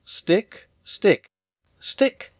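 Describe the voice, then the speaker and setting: A man voicing an excitable young male kangaroo who chatters eagerly. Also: medium pitch, unhurried, dry recording, dull audio. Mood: excited.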